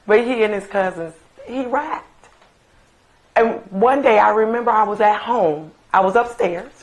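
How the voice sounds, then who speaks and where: This is a middle-aged woman sharing memories of her late son in a recorded interview. She talks very slowly and deliberately, stressing the words that matter to her. Her voice sits at an ordinary mid pitch, and her storytelling is fond and personal. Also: low-quality recording. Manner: slow, emphatic reminiscing with fond asides.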